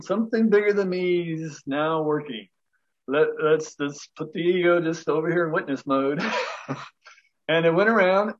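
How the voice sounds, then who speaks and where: A middle-aged man tells a story in a relaxed interview, his voice sitting a little high. He laughs often and slips into the voices of the people in his story. The audio sounds dull and lo-fi. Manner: chatty, laughs between lines, acts out quoted voices. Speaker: guest breathwork teacher.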